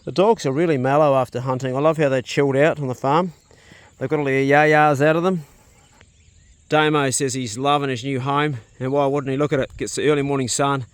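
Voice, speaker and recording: A man's voice: mid-range voice, steady tone, brisk, no room sound. A man with a New Zealand accent vlogging casually outdoors on his farm, chatting to the camera and talking to his dogs and animals. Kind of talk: casual farm vlog narration.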